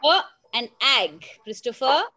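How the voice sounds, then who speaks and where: A woman teaching little children to read, with a high, light voice. She takes her time, drawing out each sound and gently prompting the kids to answer. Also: very animated, very noisy. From India. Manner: patient, coaxing, sounds words out slowly. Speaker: phonics teacher. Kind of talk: teaching young children with a story.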